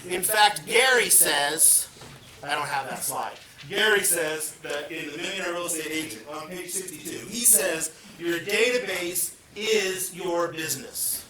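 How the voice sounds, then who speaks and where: A man with a slightly raised voice leads a team meeting, trading jokes with the audience and throwing them questions. He is recorded from across an echoing room. Crowd noise stays clear underneath him. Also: sits high. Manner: joking, asks the room questions. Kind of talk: lively team meeting talk. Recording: echoey room, speaker far from mic, crowd sounds.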